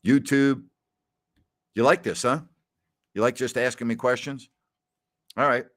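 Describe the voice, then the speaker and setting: A man's voice: mid-range voice, fairly even intonation, measured pace, fairly bright tone. A middle-aged man hosting a live question-and-answer stream, telling stories and reading viewer comments in a chatty way that often repeats names and phrases. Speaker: host.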